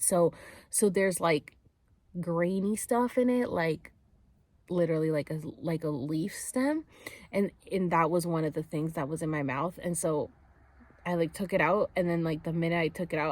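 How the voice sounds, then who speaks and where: Chatty woman with a lowish voice. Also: dry recording. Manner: chatty, full of "like" and "um", acts out quotes. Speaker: vlogger. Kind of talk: casual storytelling to camera. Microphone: camera mic while filming herself.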